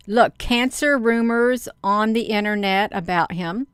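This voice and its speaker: A woman's voice: medium pitch, measured pace, few pauses, fairly bright tone, smooth, dry recording. A woman chatting casually to her viewers, rambling through online rumors with lots of fillers, calling them "you all.". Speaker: vlogger.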